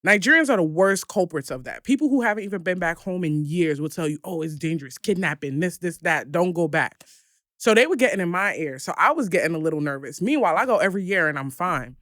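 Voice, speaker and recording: A woman's voice: fairly low pitch, animated, fast, hardly any pauses, a bit bright, no room sound, clean studio sound. A woman co-hosting a podcast, telling a travel story in a casual, matter-of-fact way. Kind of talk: casual group chat.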